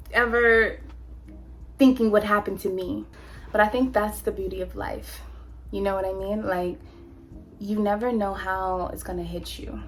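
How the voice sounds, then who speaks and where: A woman from California telling her own story in a candid, animated, slangy way, as a motivational vlogger on a close mic. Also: mid-range voice, slight background noise. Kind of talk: personal storytelling, motivational talk.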